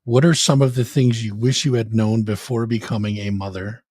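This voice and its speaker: Male host, deeper voice, relaxed question-reader, dry close recording. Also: normal speed, breathy edge, no echo. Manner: reads questions aloud, easygoing asides. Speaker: show host reading audience questions. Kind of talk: casual interview hosting.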